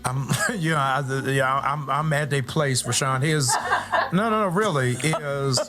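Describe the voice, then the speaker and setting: A man who is a pastor, talking on a podcast in a relaxed, jokey way, often chuckling. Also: mid-range voice, unhurried, over loud music. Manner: laid-back, jokey, chuckling storyteller. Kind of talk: podcast interview.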